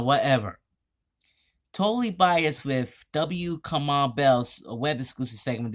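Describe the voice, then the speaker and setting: Man, vlog commentary, indignant, halting, stumbles while reading aloud. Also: medium pitch. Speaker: vlogger.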